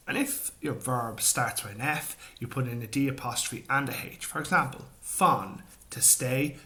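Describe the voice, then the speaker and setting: Slow, bright-voiced Irish man teaching. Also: medium pitch. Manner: slow, careful, drilling repetitions. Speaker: grammar teacher. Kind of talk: instructional explanation.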